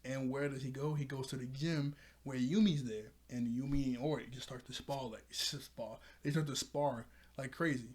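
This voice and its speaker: A man talking through a show recap in a loose, rambling way. His voice sits at an ordinary middle pitch. He keeps breaking into laughter and filling gaps with "you know" and "like". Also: fairly even intonation, normal speed, few pauses, darkish tone, breathy edge. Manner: rambling, laughs often, paraphrases characters loosely. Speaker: show reviewer. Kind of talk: casual episode recap.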